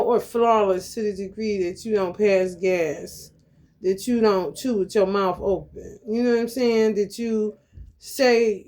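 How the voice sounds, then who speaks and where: A woman's voice: medium pitch, a little mellow. Woman host with a mid-range voice, blunt and profane, casual spiritual monologue mixing scripture reading with street talk. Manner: reads scripture aloud then riffs on it.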